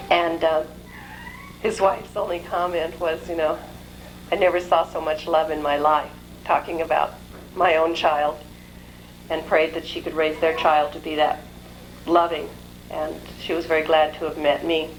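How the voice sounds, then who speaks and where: In a lecture hall, a middle-aged woman recounts a personal story to the crowd, her rather low voice animated as she takes on the voices of the people in it. The old recording has poor audio and a faint underlying hiss.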